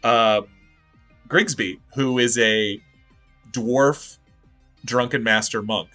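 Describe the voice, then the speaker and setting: A man co-hosting a tabletop game show, talking in an animated, rambling way and laughing often over a video call. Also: mid-range voice, takes it slowly, faint music behind. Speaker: podcast co-host. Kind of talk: casual chat.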